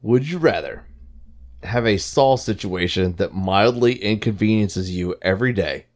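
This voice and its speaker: A man's voice: fairly low pitch, unhurried. A man co-hosting a podcast, chatting casually, swearing freely, laughing often and acting out little scenes. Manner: swears a lot, laughs often, acts out voices in stories. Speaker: podcast co-host. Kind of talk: casual banter.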